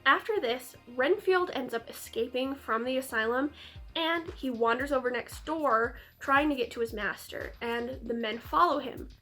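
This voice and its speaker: A woman reviewing a classic film in a casual, chatty way, with sarcastic, animated asides. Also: high voice, moderate pace, faint music behind.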